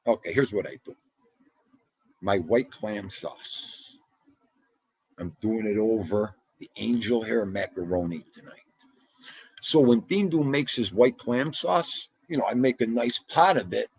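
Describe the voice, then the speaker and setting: A man hosting a casual livestream, talking to his chat with a gravelly, husky voice. He is chatty and excitable, and his pitch leaps up suddenly as he talks, over a dry, close sound with no room echo. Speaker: livestream host.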